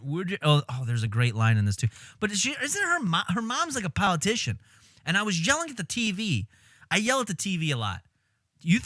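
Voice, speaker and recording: A man streaming casual commentary on film clips, animated and exasperated, swearing and laughing as he talks. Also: high-pitched, no echo, studio quality.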